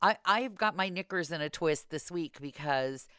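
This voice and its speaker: A woman hosting a podcast in casual chat, telling stories in an animated, exasperated way. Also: deep voice, moderate pace, clean tone, no room sound, clean studio sound. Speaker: podcast host.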